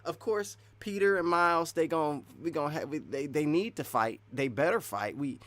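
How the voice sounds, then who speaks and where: A man giving casual, excitable live-stream commentary while wearing earphones, rambling and swinging between loud and soft. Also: a little high, moderate pace. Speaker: streamer reacting to game news.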